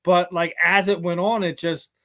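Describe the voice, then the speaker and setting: Guy hosting a fight talk show, kinda high bright punchy voice, rambles through long opinions. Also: little pitch movement, moderate pace. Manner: long winding opinionated points. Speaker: interview host. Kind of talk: casual sports chat.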